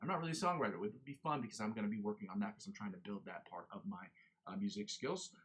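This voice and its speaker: A man's voice: fairly low pitch, fast, fairly bright tone, slightly rough. A young man hosting a guitar livestream, chatting in a rambling, self-correcting way. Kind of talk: casual livestream chat.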